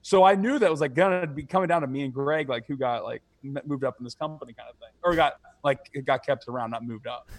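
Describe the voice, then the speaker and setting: A young man co-hosts a podcast, telling stories in casual conversation, swearing freely and laughing while he acts out other people's lines in their voices. He has a mid-range voice and talks fast.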